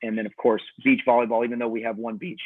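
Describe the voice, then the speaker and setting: A man's voice: medium pitch, flat delivery, quick pace, no room sound. A man, a head tennis coach, giving easygoing, rambling interview answers with many restarts over a video call. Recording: tinny phone-like dry audio.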